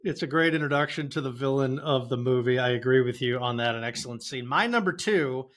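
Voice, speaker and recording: A man's voice: mid-range voice, fairly quick, a bit bright. A man co-hosting a podcast, casually talking through favorite scenes and handing the floor to others. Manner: leads the talk, passes to guests. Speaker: podcast co-host. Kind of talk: casual movie chat.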